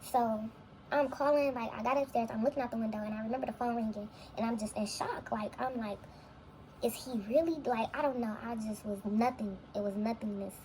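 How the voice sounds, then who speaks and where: A woman's voice: on the high side, steady tone, a little fast, darkish tone, slight background noise, rough recording. A young woman, a vlogger, telling a long personal story in a casual, rambling, reflective way full of fillers. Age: young adult.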